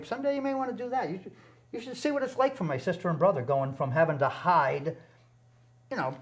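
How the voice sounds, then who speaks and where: Halting, earnest man telling his story. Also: high voice. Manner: halting and emotional, repeats words often; earnest, passionate about recovery. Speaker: guest. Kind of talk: personal storytelling in a TV interview.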